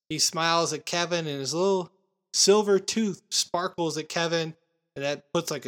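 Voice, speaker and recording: A man hosting a casual podcast, retelling movie scenes with animated quoted lines. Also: a little high. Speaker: podcast host recapping a film. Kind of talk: casual chat.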